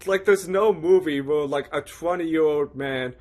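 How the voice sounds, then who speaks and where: A man's voice: fairly high pitch, unhurried, darkish tone. A man co-hosting a film podcast, talking in a joking, ironic way. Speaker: podcast co-host. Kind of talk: casual film chat.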